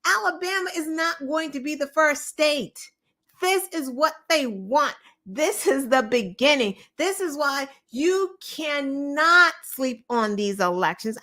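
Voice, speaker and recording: A woman's voice: high-pitched, pushed and bright. A woman hosting a show, giving opinionated political commentary in an impassioned, profane way, firing off rhetorical questions. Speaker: show host.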